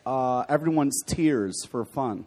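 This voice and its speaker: A man's voice: medium pitch, animated, slow, a little mellow. A man co-hosting a comedy podcast who rambles earnestly and sounds easily exasperated. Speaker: podcast co-host.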